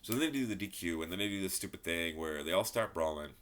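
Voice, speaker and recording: Low-voiced man ranting. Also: expressive, fast, a bit bright. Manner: frustrated, swears often, repeats himself. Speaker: wrestling reviewer. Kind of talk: ranting solo commentary.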